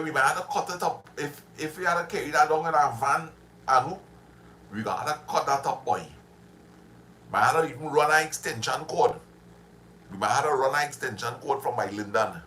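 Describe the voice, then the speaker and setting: A man's voice: mid-range voice, pushed and bright, a little hiss or hum. A man hosting a casual livestream, chatty and reminiscing, laughing often as he talks with viewers. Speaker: livestream host.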